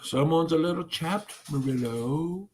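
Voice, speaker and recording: A vlogger filming at home, cooing at a baby and calling to the dogs in a drawn-out, sing-song voice, caught on a handheld phone. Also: mid-range voice, darkish tone, a little hiss or hum. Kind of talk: casual home vlog chatter. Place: home, kitchen and living room.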